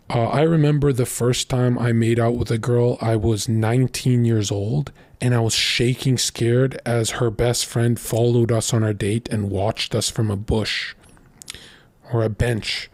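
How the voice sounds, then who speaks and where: Blunt young man with a dark voice. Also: mid-range voice, steady tone, measured pace, no echo. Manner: blunt, crude and boastful. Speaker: streamer. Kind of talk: casual storytelling monologue.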